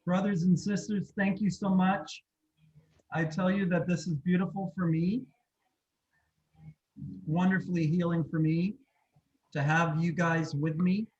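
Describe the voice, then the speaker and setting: A man as a health coach leading a gentle self-love session, repeating soft questions to the group. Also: high voice, fairly even intonation, measured pace, long pauses, muffled recording.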